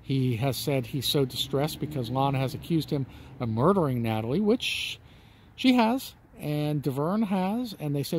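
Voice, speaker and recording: A man's voice: fairly high pitch, expressive, normal speed, slight background noise. A man hosting a true-crime vlog, talking in a chatty, folksy way to his viewers while standing outdoors on a residential street. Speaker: channel host.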